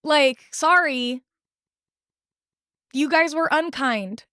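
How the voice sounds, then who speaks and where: A woman's voice: sits high, drawn-out words, bright, forceful tone, no echo, studio quality. A young woman co-hosting a podcast, talking candidly and swearing freely as she recounts experiences. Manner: candid, swears freely, acts out quoted people. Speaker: podcast co-host. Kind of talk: casual chat, recounting experiences.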